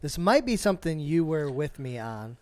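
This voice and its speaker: Animated, profane man telling a story. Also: fairly high pitch, normal speed, no echo. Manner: animated, profane, acts out quotes. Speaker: podcast co-host. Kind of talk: casual storytelling chat.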